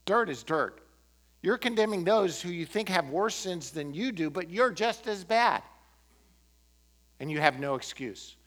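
A man's voice: high-pitched, animated, unhurried. Impassioned man preaching a sermon. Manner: impassioned, rising to emphatic peaks then dropping to quiet prayer. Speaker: pastor.

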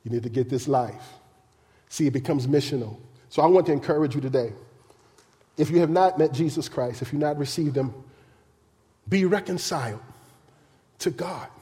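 A male pastor preaches in a loose, animated way and slips into the voices of the people he talks about. His tone is mellow and a bit high for a man. Long reverb from the hall trails after each phrase. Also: normal speed, long pauses. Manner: animated, colloquial, acts out voices. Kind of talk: sermon.

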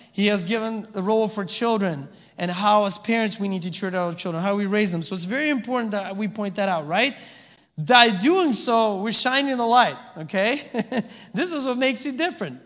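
High-voiced man preaching in a reverberant hall. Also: moderate pace, a bit bright. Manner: conversational preaching with frequent "amen?" and "okay?" checks. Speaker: pastor. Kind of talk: sermon.

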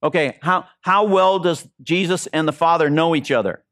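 A man's voice: fairly high pitch, moderate pace, a bit bright, no room sound, clean studio sound. A man preaching a sermon as interim pastor, earnest and repeating phrases for emphasis. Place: church.

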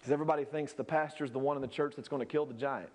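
A male pastor preaching a sermon, swinging between shouted peaks and low, quiet asides. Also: fairly even intonation, very fast, long reverb tail.

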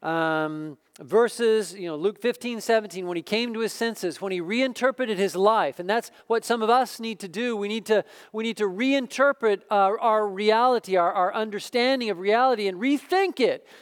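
A man's voice: sits high, normal speed, hardly any pauses, clear, resonant tone. A pastor preaching a sermon, emphatic and repeating words as he builds each point.

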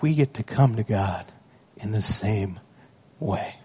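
Male pastor, sermon, husky voice, chatty storytelling, questions to the congregation. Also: on the low side, lively intonation, slow, hardly any pauses, warm tone. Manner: conversational, anecdotal, asks the congregation questions.

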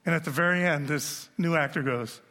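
A man in his sixties preaching a sermon as pastor, animated and joking with the congregation. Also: a little high, a little fast. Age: 60s. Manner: animated storytelling, jokes with the audience. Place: church auditorium. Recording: long reverb of a large hall.

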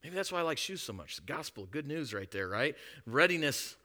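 A man preaching a sermon with emphatic delivery, shifting from hushed tones to loud declarations. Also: fairly high pitch, very animated, a little fast.

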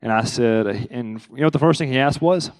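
A man's voice: medium pitch, a little fast, long reverb tail. A young adult male pastor preaching a conversational sermon, acting out quotes with rising emphasis.

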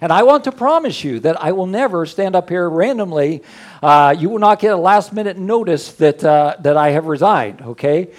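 A man with grandchildren, a pastor preaching in a folksy, rambling, joking way, with quiet prayers between the talk. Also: sits high, lively intonation, moderate pace. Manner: folksy, rambling, jokey storytelling. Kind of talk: casual sermon with prayer.

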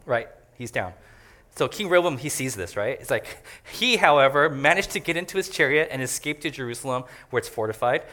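A man's voice: medium pitch, expressive, fairly quick, pushed and bright. A man preaching a conversational sermon as a pastor, joking and chatty as he explains a passage. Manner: joking and chatty, laughs often.

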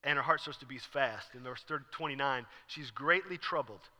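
A man preaching a sermon as pastor, talking casually and acting out the scene with sudden loud bursts. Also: medium pitch, a little fast. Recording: long reverb hall.

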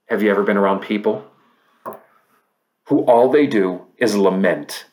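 A man preaching a sermon, reading scripture aloud and swinging from emphatic peaks to quiet, low stretches. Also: a little slow. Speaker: pastor.

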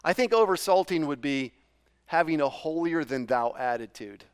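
Animated high-voiced male pastor preaching. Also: moderate pace, smooth. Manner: conversational, asks the congregation rhetorical questions; animated, often repeats words as he goes. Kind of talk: sermon.

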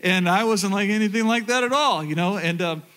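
A pastor from rural Oklahoma, USA, with a Southern accent, preaches a storytelling sermon built on personal stories, earnestly repeating words as he addresses the crowd. His voice is high-pitched, brisk, and fairly bright.

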